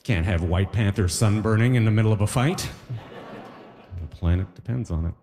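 A man's voice: lowish voice, moderate pace, background noise. A man performing a stand-up comedy set, talking loosely with lots of asides. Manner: loose conversational delivery with many asides. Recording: live stage with long hall reverb.

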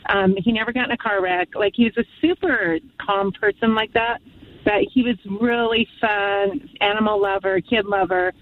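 A woman speaks by phone at a moderate pace, her medium-pitched voice fairly even in intonation, with slight background noise on the line. She has called into a radio show and drifts through tender, emotional memories of her late father, almost in tears.

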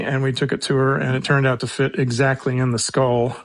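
A man's voice: medium pitch, little pitch movement, fairly quick, few pauses, dry recording. A man who handles a search and rescue otter, telling stories in a folksy, joking way with a lot of restarts. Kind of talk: casual interview storytelling.

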